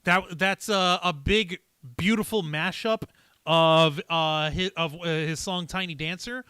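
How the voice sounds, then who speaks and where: A man hosting a casual livestream, talking in a loose, energetic way and swearing freely. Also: on the high side, unhurried, clean tone, no room sound. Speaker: host.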